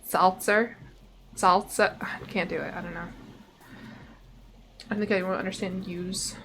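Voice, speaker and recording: A woman's voice: lowish voice, little pitch movement, moderate pace, a little hiss or hum. A woman from Tennessee with a Southern accent, streaming a strategy game, chatting to viewers and reading event text aloud with wry asides.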